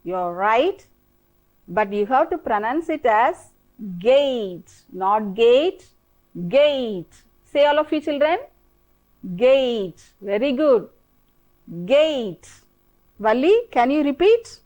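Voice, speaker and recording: A woman teacher with an Indian English accent, speaking high and sing-song with lively rises and falls. She works slowly and patiently, repeating each word and coaxing the class to say it back. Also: highs cut off. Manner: slow, repetitive, coaxing drill-style prompting. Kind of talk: televised classroom English lesson.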